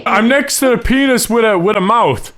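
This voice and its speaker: Irish man, gamer, high lively voice, swearing, shouting, game music behind. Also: normal speed. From Ireland. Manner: loud, swearing, yelling and squealing. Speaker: gaming YouTuber. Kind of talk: casual gameplay chat.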